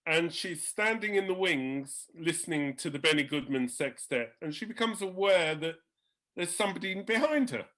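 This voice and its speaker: A man's voice: on the high side, normal speed. A man telling musical anecdotes in conversation, acting out the voices of the people in his stories. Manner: animated, acts out quoted voices. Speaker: guest storyteller.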